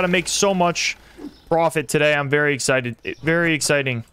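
A young man streaming a simulator game, commenting excitedly and talking to his chat as he plays. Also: fairly high pitch, fairly quick, clear, resonant tone. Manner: excitable, talks to chat while playing. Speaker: gaming streamer. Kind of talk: live gameplay commentary.

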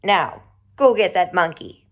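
Casting: woman reading as a bossy middle-aged neighbor, blunt and firm, slow. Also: on the low side, animated.

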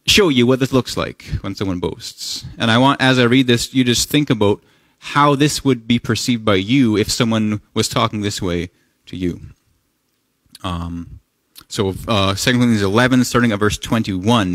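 Guy pastor preaching casually, asks questions, dry close sound, middle pitch. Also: normal speed, fairly bright tone, dry recording. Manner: conversational preaching, rhetorical questions, rising intensity in scripture reading. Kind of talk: sermon. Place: church sanctuary.

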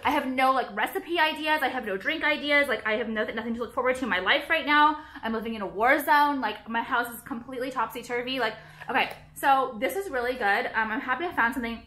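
A woman's voice: sits high, sharp tone. A woman vlogging at home, chatting to camera in a dramatic, profane rant full of "like". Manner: fast, profane, dramatic rants with constant "like". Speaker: beauty vlogger. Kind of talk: casual chat to camera.

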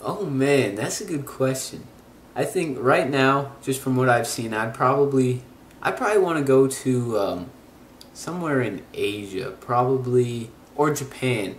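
An easygoing man hosts a casual podcast chat at a middle pitch, relaxed and friendly in manner. His voice carries a roomy echo, with faint noise behind it. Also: unhurried. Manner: easygoing, laughs along. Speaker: podcast host.

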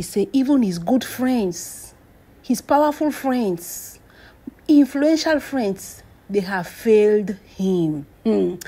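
A woman with a Nigerian Pidgin accent spins gossip like a drama, her voice husky and breathy at an everyday mid pitch. She draws out key phrases, slips into hushed whispers, then jumps up with sharp exclamations. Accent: Nigerian Pidgin English. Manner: emphatic, drawn-out phrases, whispered asides, sudden exclamations. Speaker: celebrity gossip commentator.

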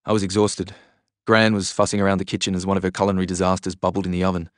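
A man's voice: low-pitched, monotone, very fast, no echo, clean studio sound. A man narrating a novel in the first person, in an understated way. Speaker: audiobook narrator.

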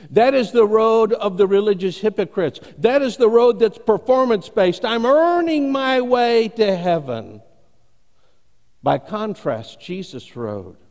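A pastor delivers his sermon with earnest emphasis and measured pauses. His voice sits high for a man. It carries a long reverb from the church sanctuary where he stands. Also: darkish tone.

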